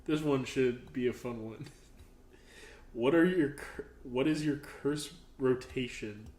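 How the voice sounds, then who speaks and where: A man's voice: medium pitch, slow pace, darkish tone. A man co-hosting a podcast in casual chat, playful and laughing often. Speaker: podcast co-host. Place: indoor room around a table. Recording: roomy echo.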